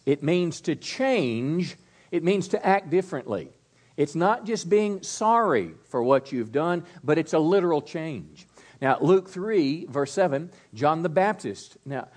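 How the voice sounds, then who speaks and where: A man's voice: fairly high pitch, a little mellow. A middle-aged male pastor preaching a sermon, with a folksy, conversational delivery, asking the congregation to repeat words and joking with them. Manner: call-and-response preaching, folksy asides to the congregation.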